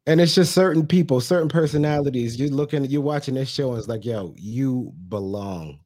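A man co-hosting a casual comedy podcast, relaxed and joking, with loud laughs. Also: a little high, fast talker. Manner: laid-back, joking, laughs loudly. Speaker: podcast co-host.

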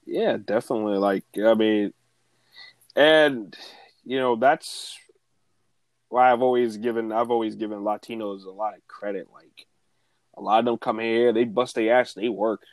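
A man's voice: on the low side, fairly even intonation, moderate pace, long pauses, dry recording, poor audio. A man in casual conversation, telling a story loosely with many fillers. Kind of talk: casual chat.

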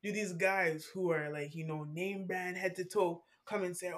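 A young woman, telling animated, profane stories from her school days in casual chat. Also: lowish voice, normal speed, few pauses. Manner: animated storytelling with acted-out quotes, profane. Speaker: podcast co-host.

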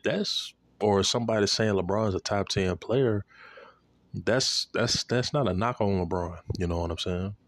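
A man in a casual, profane sports rant, animated and repeating himself, aimed at a commentator. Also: low-pitched, no echo.

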